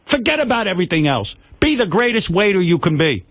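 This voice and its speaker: A man's voice: sits high, big pitch swings, quick pace, fairly bright tone, dry recording. Blunt older male radio host. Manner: blunt, lecturing advice. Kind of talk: radio call-in talk. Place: radio studio. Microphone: studio mic.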